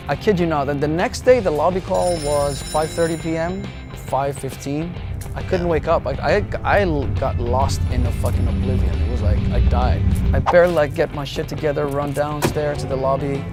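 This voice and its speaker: A man, a musician, telling a story in an animated, profane way in an interview. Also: on the high side, moderate pace, over music.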